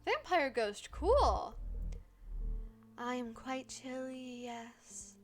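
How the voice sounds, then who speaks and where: A woman voicing a lonely, melodramatic female vampire ghost from a game, in a slow, wistful, theatrical way. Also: sits high, very animated, soft background music, heavily acted. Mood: mournful. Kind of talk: reading a game's dialogue aloud.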